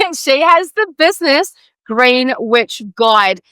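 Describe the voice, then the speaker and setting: A high, bright woman's voice comes through clean and close, with a crisp, smooth tone. She hosts a podcast in loose, excitable chat, piling up fillers and casual swearing. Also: slow, no echo. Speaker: podcast host.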